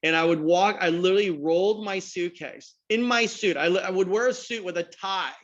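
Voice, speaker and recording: A man telling a business story on a podcast, acting out the dialogue with lively energy. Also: high-pitched, fairly quick, dull audio. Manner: animated anecdotal storyteller, acts out dialogue. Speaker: guest entrepreneur.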